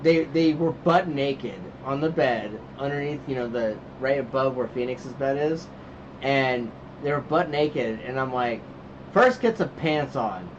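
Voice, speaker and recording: A man's voice: mid-range voice, measured pace. A man co-hosting a casual podcast, rambling through stories about his kids and acting out their lines. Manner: rambling storyteller, acts out his kids' lines. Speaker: podcast co-host. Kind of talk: casual chat. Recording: dull lo-fi sound with faint noise.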